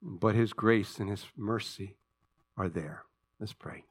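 A man's voice: lowish voice, slow, breathy edge. Earnest man preaching a sermon. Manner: earnest, rising to impassioned emphasis then dropping to quiet prayer. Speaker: pastor. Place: church sanctuary.

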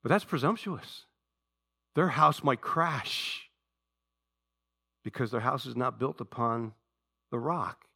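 A male pastor preaching a sermon with passion, dropping to a hush and then rising loud. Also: medium pitch, animated, takes it slowly, gravelly, long pauses, slightly rough. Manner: impassioned preaching, swinging between hushed and loud.

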